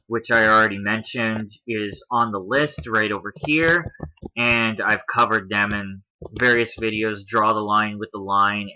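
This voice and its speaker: A man's voice: fairly low pitch, sharp tone, a little hiss or hum, low-quality recording. A man hosting a commentary video, talking through a list on screen in a casual explaining way, with a Canadian accent.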